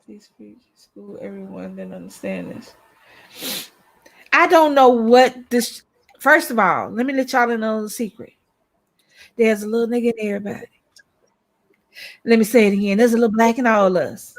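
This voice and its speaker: A woman's voice: fairly high pitch, moderate pace, long pauses. A woman co-hosting a casual chat show, blunt and outspoken, swearing freely and repeating her points for emphasis. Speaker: co-host of a couples' YouTube channel.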